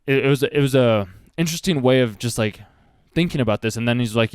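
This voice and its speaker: A man talks quickly about an anime, drifting into earnest advice and leaning on "like" constantly. His voice is clean and smooth, recorded dry and close with no room sound. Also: medium pitch, no room sound. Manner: rambling, earnest, heavy use of "like". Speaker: anime reaction host. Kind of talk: casual commentary with life advice.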